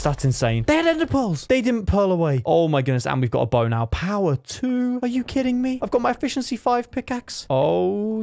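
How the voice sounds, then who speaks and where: A young man giving excited live commentary while he plays a video game. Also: a little hiss or hum. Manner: excitable, pitch jumps sharply in tense fights. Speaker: gaming streamer.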